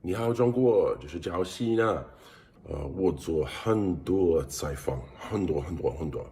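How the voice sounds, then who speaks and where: Halting deep-voiced man apologizing. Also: animated, mellow. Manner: halting, repeating words. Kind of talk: public apology video.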